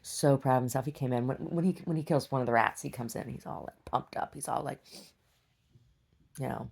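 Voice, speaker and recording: Low, gravelly woman musing aloud. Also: brisk, darkish tone. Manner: rambling, talking to herself. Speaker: vlogger. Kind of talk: casual video diary.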